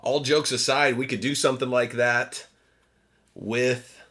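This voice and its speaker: A man's voice: medium pitch, fairly even intonation, measured pace, fairly bright tone. A man hosting a livestream, chatting casually and joking, laughing at himself. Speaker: livestream host.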